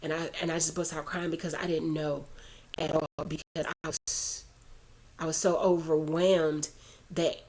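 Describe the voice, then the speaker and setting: A woman's voice: sits low, darkish tone. A woman vlogger telling a personal faith story in a chatty, rambling way, full of asides, turning earnest when she urges prayer. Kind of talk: casual storytelling to camera.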